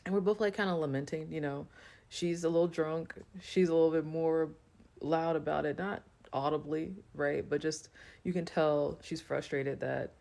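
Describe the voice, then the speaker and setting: Woman rambling thru a storytime, lots of "like" and "you know", bit of vocal fry. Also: sits low, fairly even intonation, normal speed, mellow. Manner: loose, chatty, full of "you know" and "like" fillers. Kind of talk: casual storytime monologue.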